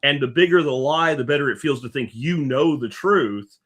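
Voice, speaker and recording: A man co-hosting a casual live talk show, telling stories with animated energy. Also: mid-range voice, moderate pace. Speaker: co-host.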